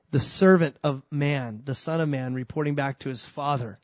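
A male pastor preaching a sermon in an animated, conversational way, jumping between loud emphasis and soft asides, with humorous asides. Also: medium pitch, normal speed, hardly any pauses, dry recording.

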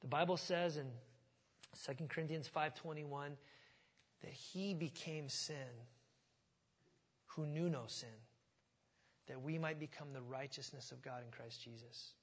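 A male pastor delivering a sermon, talking conversationally and then building to loud, emphatic stretches. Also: fairly high pitch, fairly even intonation, unhurried, long pauses, in a large hall. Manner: conversational preaching that swells to loud, emphatic passages.

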